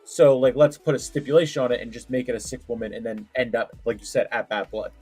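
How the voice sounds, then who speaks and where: A man's voice: mid-range voice, steady tone, fast talker, a little mellow, slightly rough, soft background music. A man co-hosting a podcast, chatting casually with lots of restarts and filler. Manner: rambling, full of restarts and "like". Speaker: podcast co-host. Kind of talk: casual wrestling predictions chat.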